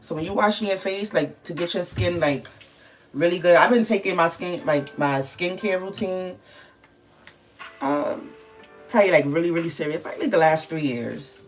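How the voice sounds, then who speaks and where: Give me a chatty livestream host from the Bronx with a gravelly voice. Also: female voice, fairly low pitch, lively intonation, moderate pace, faint music behind. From the Bronx, New York. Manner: chatty, answers viewers' comments, loose with fillers. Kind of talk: casual livestream chat.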